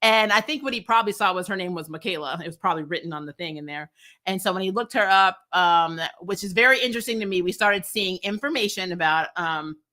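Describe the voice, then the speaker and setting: A woman's voice: on the low side, fast talker, bright, forceful tone. A woman casually reviewing a TV episode, frank and chatty, laughing often and swearing freely. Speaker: TV review vlogger. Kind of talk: casual spoiler review chat.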